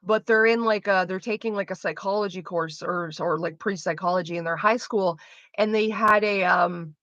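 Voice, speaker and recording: A woman streamer in casual chat with her viewers, rambling fast and swearing freely. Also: medium pitch, a bit bright, dry recording, muffled recording.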